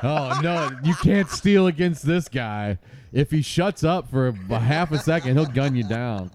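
A man hosting a casual podcast chat, swearing freely and quizzing his guest with excitement. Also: fairly high pitch, measured pace. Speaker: podcast host.

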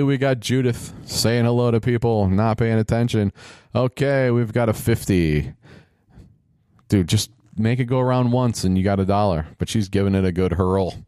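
A man's voice: on the low side, moderate pace, a little mellow, smooth, dry recording, studio quality. A man giving casual, joking play-by-play commentary while watching a game show, with sarcastic asides.

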